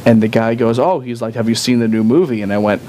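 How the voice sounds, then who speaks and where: Rambling man telling animated stories. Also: quick pace, a little hiss or hum. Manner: rambling, acts out quotes with jumps in pitch. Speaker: podcast co-host. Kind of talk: casual chat, animated storytelling.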